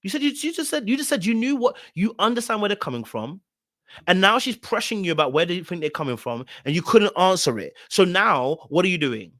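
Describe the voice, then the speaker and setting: Male reaction host, a little high-pitched, dry close sound, blunt and repetitive commentary. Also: expressive, brisk, fairly bright tone, no room sound. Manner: emphatic, blunt and repetitive, hammering points home. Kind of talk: reaction commentary on a reality show.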